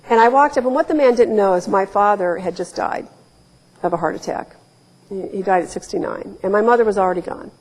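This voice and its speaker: A woman's voice: medium pitch, fairly quick, long pauses. A woman in her forties from Ohio, telling candid, wry stories at a public talk. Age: 40s. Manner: candid, wry storytelling with emphatic quoted asides. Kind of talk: storytelling talk. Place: lecture hall. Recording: reverberant lecture hall.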